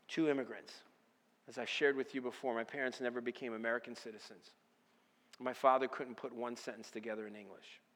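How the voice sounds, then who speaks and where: A man preaching an earnest sermon as a pastor, moving between fervent declarations and quiet personal confession. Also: medium pitch. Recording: long reverb of a large hall.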